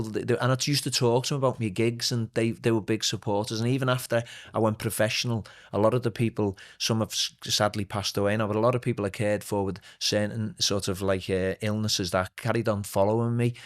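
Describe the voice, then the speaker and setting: A middle-aged man with a Liverpool accent, a swing singer telling lively anecdotes as a podcast guest. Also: mid-range voice. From Liverpool, England. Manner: animated anecdotes with put-on voices and laughs. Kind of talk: casual storytelling chat.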